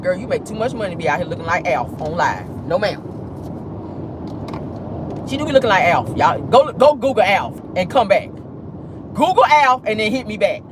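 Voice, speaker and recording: A woman with an African American Vernacular English accent hosts a casual livestream, full of blunt, sassy remarks and frequent laughter. Her pitch rises and falls widely, and traffic noise rumbles clearly in the background.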